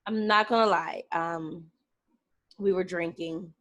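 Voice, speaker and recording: A woman co-hosting a podcast, chatting casually with relaxed, laughing banter. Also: lowish voice, takes it slowly. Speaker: podcast co-host. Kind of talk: casual chat.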